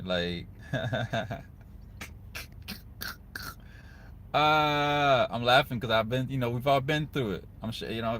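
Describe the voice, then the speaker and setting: A man's voice: mid-range voice, a bit bright, slight background noise. Earnest man giving advice to camera. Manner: earnest, conversational, repeats "guys" and "right?". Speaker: video host giving advice to men. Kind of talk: casual motivational talk to camera.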